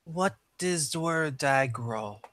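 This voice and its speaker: A looming, naive giant of a man, played by a tabletop gamer who speaks in stiff, formal sentences. His voice stays quiet and measured. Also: on the high side, expressive, no echo, studio quality. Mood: puzzled. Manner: formal, stilted, literal-minded. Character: large looming naive formal male stranger.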